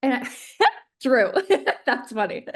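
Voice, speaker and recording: A woman's voice: a little high, takes it slowly. A young adult woman hosting an interview, friendly, laughing easily and asking follow-up questions. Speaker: podcast host. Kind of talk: casual interview talk.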